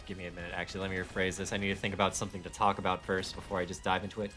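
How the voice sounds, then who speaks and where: Male gaming streamer, low-ish voice, bright and edgy, rambling casual chat, faint music behind. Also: fairly even intonation, rapid-fire, hardly any pauses. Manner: rambling, self-deprecating, slips into accents.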